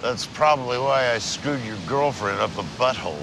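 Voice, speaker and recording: An actor playing a crude, blunt older father in a film scene, talking in a slow drawl. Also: medium pitch, gravelly, close to an everyday voice. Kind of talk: film dialogue. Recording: film clip with background noise.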